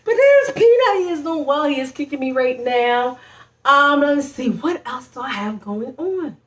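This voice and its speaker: A woman's voice: sits high, moderate pace, a bit bright, roomy sound. A young woman vlogger chatting casually at home about her pregnancy, bubbly and talkative, laughing often and saying y'all. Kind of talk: casual pregnancy vlog chat.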